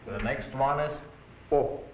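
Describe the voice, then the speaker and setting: A man's voice: mid-range voice, moderate pace, slight background noise. Old-film male professor, patient and instructive, classroom lecture, echoey room, dull muffled sound. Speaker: language professor.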